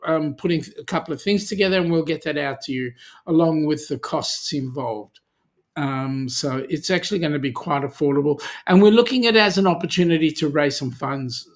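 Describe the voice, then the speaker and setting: Chatty Australian man hosting a livestream. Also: on the high side. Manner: chatty, reads viewer comments aloud and answers them. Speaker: charity channel host. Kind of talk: casual livestream chat.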